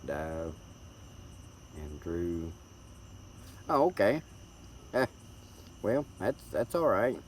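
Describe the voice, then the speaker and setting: A man's voice: low voice, very animated, extremely slow, long pauses, a little hiss or hum. A middle-aged man from Tennessee with a Southern accent, chatting casually and rambling as he hosts a live stream, recorded on a tablet's built-in mic. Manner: folksy, rambling, repeats words as he talks. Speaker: livestream host.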